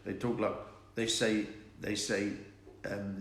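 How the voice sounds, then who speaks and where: A man's voice: on the low side, fairly even intonation, measured pace. A South African man, a comedian, chatting and telling jokes on a live stream from home and answering viewers' requests. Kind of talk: live-stream joke chat. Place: home during lockdown. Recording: echoey room, faint noise.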